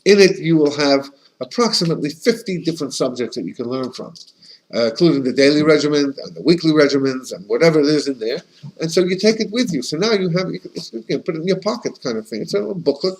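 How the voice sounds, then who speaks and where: A rabbi teaches a casual, conversational class in a fast, fairly high voice with lively intonation, and the recording quality is low. He's chatty and anecdotal, often restarting sentences and sprinkling in Yiddish and Hebrew terms.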